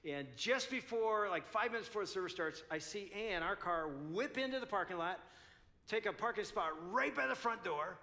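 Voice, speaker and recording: Man, 60s, pastor, conference talk, lively storytelling, high voice. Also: normal speed. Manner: animated storytelling, acts out both sides.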